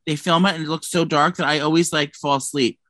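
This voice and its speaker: A New man chats on a gossip podcast with a bright, forward voice. He swears freely and keeps breaking off and restarting mid-sentence. The sound is dry and close, with no room around it. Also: fairly high pitch, fairly even intonation, fast, no room sound. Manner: profane, rambling storyteller with many restarts. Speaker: podcast co-host. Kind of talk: casual gossip chat.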